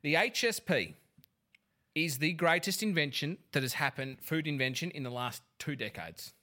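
A man's voice: fairly high pitch, expressive, moderate pace, pushed and bright. A man co-hosting a casual chat, speaking emphatically and with humor. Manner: emphatic, jokey. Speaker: podcast co-host.

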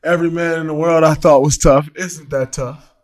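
A man in casual chat, telling stories with animated energy and acting out his own shouts. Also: a little high, moderate pace. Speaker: guest, pro athlete.

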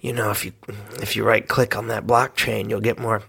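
A man voicing a slobbering male ghost who whispers low in your ear with a wet, juicy mouth. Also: level tone, normal speed, creaky, sharp tone, husky, full character voice. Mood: conspiratorial.

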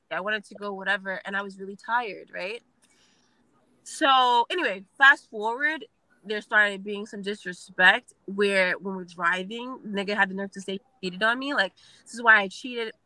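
A young woman with a mid-range voice tells a story bluntly and animatedly, swearing plenty as she goes. She speaks at normal speed, and the recording is dry and low in quality.

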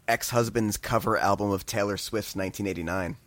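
A man's voice: fairly low pitch, steady tone, fairly quick, a bit bright, dry recording. A man co-hosting a podcast, dropping dry, teasing quips in casual chat. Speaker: podcast co-host.

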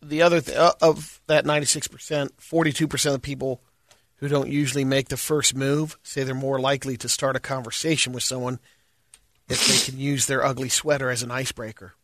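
A man co-hosting a comedy talk show, reading odd news items in a casual, deadpan way. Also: medium pitch, brisk, no echo. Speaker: co-host reading news segments. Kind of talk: casual radio-style banter.

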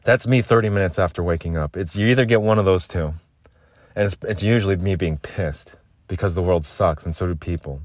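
Man, solo podcast host, emphatic ranting, profane, lowish pitch. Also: fairly quick, dry recording.

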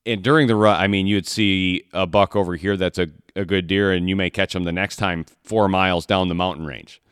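A man's voice: deep voice, fairly even intonation, brisk, a bit bright, clean tone, dry recording, clean studio sound. A man from Michigan telling a hunting story in a casual podcast chat, rambling and restarting his sentences often. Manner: rambling, repeats words, many restarts. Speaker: podcast co-host, hunter.

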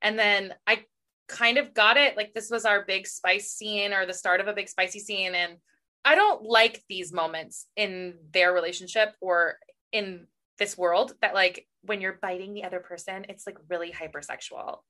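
A woman's voice: mid-range voice, steady tone, normal speed, sharp tone. A young woman co-hosting a podcast, chatting casually about a book and often acting out lines from it. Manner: chatty, laughs often, acts out quotes. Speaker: podcast co-host.

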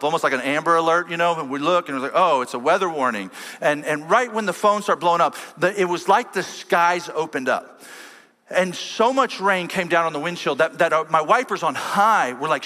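A man's voice: mid-range voice, pushed and bright. A man preaching a sermon as a pastor, telling a story and quoting his family along the way. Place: church sanctuary. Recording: long church hall reverb.

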